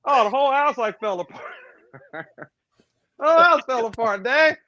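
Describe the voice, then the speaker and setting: A man, a tournament bass angler and podcast guest, telling stories in a lively way, laughing often and acting out the people in them. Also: normal speed, dry recording, lo-fi sound. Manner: animated, laughs often, acts out voices in his stories. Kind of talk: casual storytelling chat.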